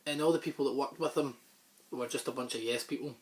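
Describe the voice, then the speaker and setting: A man hosts a casual movie chat, rambling along in an offhand way. His throat is sore, so coughs and throat-clearing break into his talk. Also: medium pitch, fast. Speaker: host.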